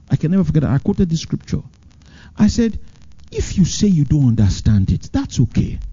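A man delivers a sermon as pastor, swinging between high, urgent emphasis and low, slow phrases. His voice sits a little above average for a man, mellow and slightly husky. The recording is muffled and lo-fi. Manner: animated preaching, swings from high emphatic lines to low drawn-out ones.

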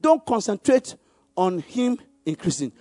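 High, animated male preacher. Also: unhurried, dry recording. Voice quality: rises to loud exclamations on key words. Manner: animated call-and-response, leads the congregation to repeat verses. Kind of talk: sermon.

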